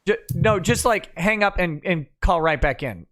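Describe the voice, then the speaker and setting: Brief: male stream host, casual and profane, reads chat messages in a flat run, a touch higher voice. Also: moderate pace. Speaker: livestream host. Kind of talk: casual chat, reading viewer comments aloud.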